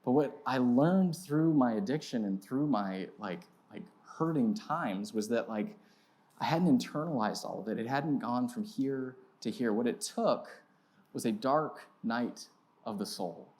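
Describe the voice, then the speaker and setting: Male pastor, thirties, sermon storyteller; comic, self-deprecating, voice leaps up for effect then drops low and quiet. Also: unhurried. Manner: animated, self-mocking storyteller with big pitch swings. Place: church sanctuary.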